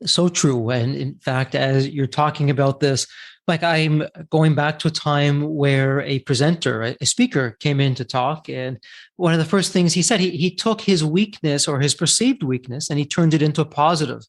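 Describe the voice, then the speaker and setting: Podcast host guy, kinda high voice, agrees a lot and asks questions. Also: normal speed. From United States. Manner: affirming, curious questioner. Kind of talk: podcast interview.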